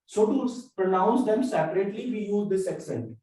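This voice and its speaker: A man teaching a French class, explaining slowly and repeating each example word. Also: sits high, animated, warm tone. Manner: slow, repetitive explaining with drawn-out example words. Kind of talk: classroom lesson. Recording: echoey classroom, far from mic.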